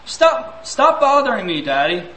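A man doing a gruff, impatient father. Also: extremely high pitch, very animated, moderate pace, bright, forceful tone, reverberant, pitched above the performer's own voice, full character voice. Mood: irritated. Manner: growling, impatient. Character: irritable father, gruff and dismissive.

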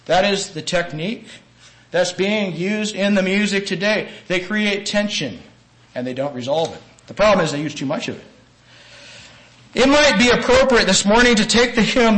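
A man preaching a sermon-style lecture, earnest and emphatic, with sudden rises in pitch and volume and some slowed, stressed phrases. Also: fairly bright tone, rough recording.

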